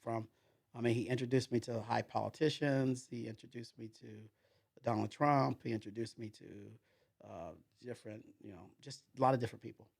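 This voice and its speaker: A man's voice: mid-range voice, fairly even intonation, fairly quick, gravelly, breathy edge. A man being interviewed as a podcast guest, telling a story in a rambling way, with many repeated fillers and restarts.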